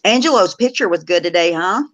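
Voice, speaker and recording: A woman's voice: lowish voice, animated, fairly quick, a bit bright, rough recording. A woman co-hosting a casual live-stream chat, blunt and profane, teasing with laughter.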